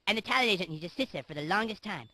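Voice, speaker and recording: Someone doing a bratty cartoon kid, super bright and tense, dry close sound, rushing thru a gross joke. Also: medium pitch, lively intonation, no room sound. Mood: gleeful. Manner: gleeful, pushy storytelling. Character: bratty foul-mouthed cartoon boy telling a crude joke. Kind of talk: parody voice acting.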